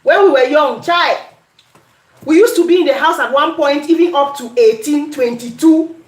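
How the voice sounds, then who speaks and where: A Cameroonian woman with a high voice talks viewers through a recipe in her kitchen. She chats casually and drifts into Pidgin. The room rings with an echoey kitchen sound. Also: moderate pace. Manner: chatty, addresses viewers, breaks into Pidgin. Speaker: cooking channel host. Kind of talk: casual cooking demonstration. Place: home kitchen.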